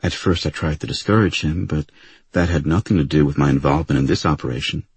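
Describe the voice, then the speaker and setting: A composed female agent, read by a man with a deep, husky voice. She explains herself plainly and steadily, recorded close and dry. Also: fast, dry recording, exaggerated voice.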